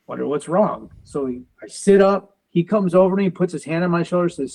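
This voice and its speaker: A man in his forties, a veteran and police officer, tells a personal story in an interview, quoting others in quick back-and-forth exchanges. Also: on the high side, darkish tone, breathy edge, low-quality recording. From United States. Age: 40s. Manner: quotes others in quick back-and-forth, uses car comparisons.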